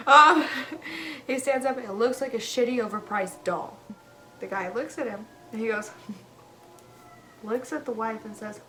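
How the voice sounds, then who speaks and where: A woman casually retelling a spooky story in an animated way, acting out the characters' quoted lines with lots of "he goes" and "like". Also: medium pitch, normal speed, music in the background, rough recording.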